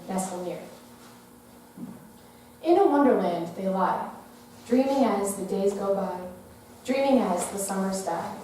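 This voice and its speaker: A teenage girl reciting a poem as a student contestant, slow and gentle, softening at the ends of lines. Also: mid-range voice, slight background noise. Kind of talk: poetry recitation. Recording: echoey hall from far off.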